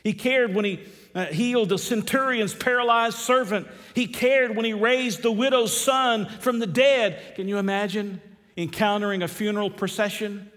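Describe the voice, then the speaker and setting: A man preaching a sermon, moving between hushed and loud emphatic passages and repeating key phrases slowly. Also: sits high, fairly even intonation, in a large hall.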